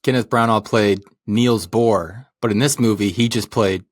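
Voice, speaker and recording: A man co-hosting a casual movie review chat, cracking quick jokes. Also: fairly low pitch, steady tone. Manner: wisecracking, quick punchlines. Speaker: podcast co-host.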